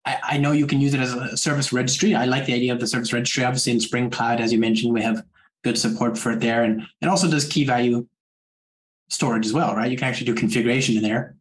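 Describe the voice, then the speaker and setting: A man's voice: mid-range voice, fairly even intonation, quick pace, echoey room, rough recording. A man hosting a podcast interview, asking rambling questions full of restarts and "like". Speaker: podcast host. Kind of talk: casual interview chat.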